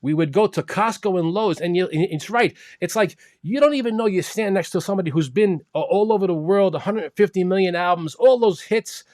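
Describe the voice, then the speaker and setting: A man's voice: sits high, a little fast, few pauses, a little mellow, no echo, studio quality. A man hosting a live online round table, friendly and casual, calling the guests bro. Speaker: host.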